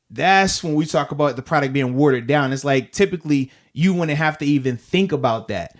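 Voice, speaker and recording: A man in his thirties co-hosting a casual sports podcast. He is animated, laughs often, and drops slang like "baby" and "bro.". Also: on the high side, a little fast, hardly any pauses. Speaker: podcast co-host and former player.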